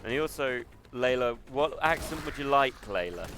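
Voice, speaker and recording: A man's voice: medium pitch, animated, normal speed, background noise. A man streaming a shooter game, chatting in a rambling, musing way and muttering at the game between thoughts, with game music and gunfire behind him. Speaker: gaming streamer. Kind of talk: casual stream chat while gaming.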